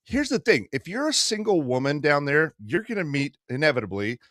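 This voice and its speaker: A man in his fifties telling a rowdy story to friends. His pitch swings widely, and he drops into quick impressions of other people along the way. The sound is dry and close, with no room around it. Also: no room sound. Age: 50s. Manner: profane, animated storyteller doing quick voices. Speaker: podcast co-host. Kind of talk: casual storytelling.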